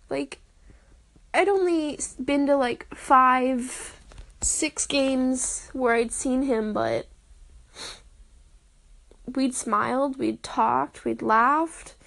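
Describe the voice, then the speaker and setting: A young woman recording a personal audio diary, telling her story in an emotional, halting way with sighs and broken-off words. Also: high-pitched, fairly even intonation, vocal fry, fairly bright tone. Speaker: podcaster.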